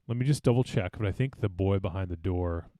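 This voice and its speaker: A man's voice: deep voice, a little fast, no echo, studio quality. A man hosting a podcast, bantering casually with plenty of swearing and laughter. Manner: animated, swearing, laughs often. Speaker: podcast host.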